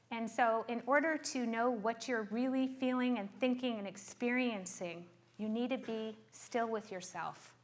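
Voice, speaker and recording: Earnest middle-aged woman therapist explaining. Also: fairly high pitch. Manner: earnest, checks in with frequent rhetorical questions. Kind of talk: explaining to an audience.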